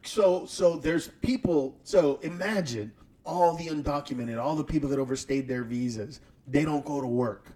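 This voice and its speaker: A man hosting a casual chat, telling stories in an animated, profane, joking way. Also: fairly high pitch, moderate pace, low-quality recording.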